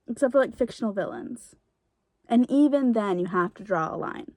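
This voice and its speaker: A woman's voice: mid-range voice, animated, normal speed, a little mellow, no echo. A young woman reacting to a book in a casual reading vlog, gushing and exasperated by turns. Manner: gushing, exasperated, laughs and rants. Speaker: book vlogger.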